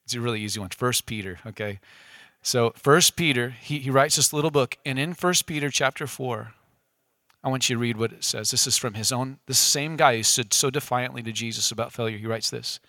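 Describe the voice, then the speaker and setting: A man's voice: mid-range voice, a little fast, pushed and bright, no echo, clean studio sound. A male pastor giving a casual sermon to a room of listeners, conversational and often tossing questions to his audience.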